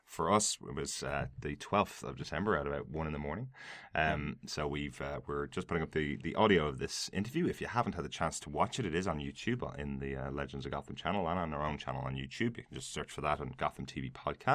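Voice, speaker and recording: A man's voice: extremely low pitch, animated, fast, a bit bright, no echo. A man co-hosting a podcast, giving friendly, casual run-downs broken up by uhs. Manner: friendly, hesitant with uhs, reads out details. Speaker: podcast co-host. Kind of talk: casual podcast intro chat.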